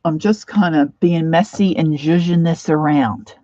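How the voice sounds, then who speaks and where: A woman's voice: low-pitched, measured pace, no room sound, muffled recording. A middle-aged woman from Pennsylvania with a Pennsylvania accent, chatting casually and rambling as she paints on a livestream. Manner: chatty and rambling, warmly nostalgic asides. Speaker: art livestream host. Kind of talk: casual chat while painting.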